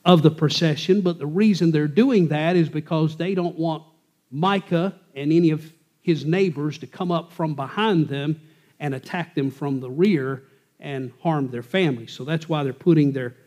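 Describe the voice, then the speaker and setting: A man's voice: on the high side, moderate pace, a little mellow. Folksy male Bible teacher. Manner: conversational, folksy, reads scripture aloud.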